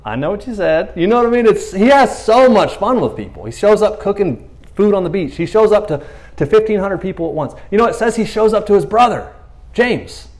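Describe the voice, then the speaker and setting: A man's voice: sits high, expressive, brisk, darkish tone. A man preaching a casual, conversational sermon, telling stories animatedly and acting out quoted lines in playful voices. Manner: conversational fillers like "you know what I mean". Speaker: pastor.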